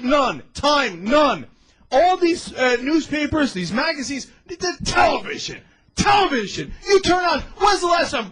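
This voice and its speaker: A man rants hard in a very high, swinging voice. He keeps repeating his points and breaks into shouts. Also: poor audio. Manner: shouting, repetitive and emphatic. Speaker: political commentator. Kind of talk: heated political rant.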